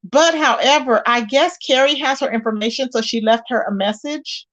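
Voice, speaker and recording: A high-pitched woman hosting a gossip livestream in a casual, talkative way. She stays emphatic and greets her viewers by name between points. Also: normal speed, a bit bright, lo-fi sound. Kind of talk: casual live-stream chat.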